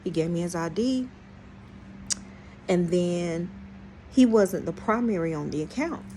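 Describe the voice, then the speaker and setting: A woman's voice: on the low side, unhurried, slight background noise. A woman hosting a storytime vlog, telling viewers a story in a blunt, profane way and often speaking straight to them. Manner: animated, exclaims in outrage. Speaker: channel host.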